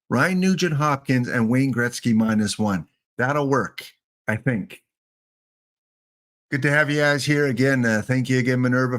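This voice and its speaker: A man hosts a casual livestream, rambling and joking straight to his viewers. His voice sits at a middle pitch, and he sounds a little winded as he talks. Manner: rambling, playful, talks to chat. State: a bit winded. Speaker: livestream host.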